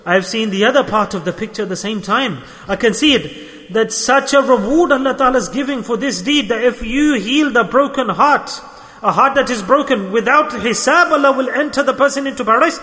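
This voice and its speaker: Weeping elderly father, voiced by a bright-toned preacher, grave, in a reverberant hall. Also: extremely high pitch, brisk. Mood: solemn. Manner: solemn, tearful.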